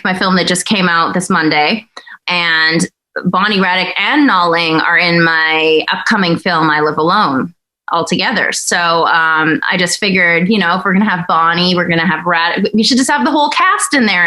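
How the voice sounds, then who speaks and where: A woman's voice: fairly low pitch, bright, forceful tone. A woman co-hosting a podcast, talking in a chatty way about writing a story, with fillers and restarts. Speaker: podcast co-host and writer. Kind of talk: casual podcast chat.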